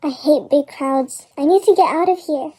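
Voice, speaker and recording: A woman's voice: sits high, moderate pace, mellow, low-quality recording. Woman reading an uneasy inner monologue. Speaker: narrator and lead reader. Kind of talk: fan drama reading.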